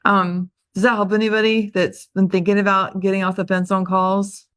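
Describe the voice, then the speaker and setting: A woman's voice: medium pitch, level tone, normal speed, fairly bright tone, smooth, no room sound, clean studio sound. An older woman who hosts a group call and gives a casual motivational talk, chatty and laughing at herself.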